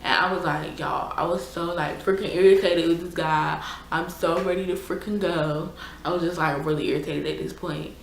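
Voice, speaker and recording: A woman's voice: fairly low pitch, steady tone, normal speed, creaky, slight background noise. A young woman, chatting casually and exasperatedly through a storytime vlog with lots of fillers. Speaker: YouTuber. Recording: echoey room.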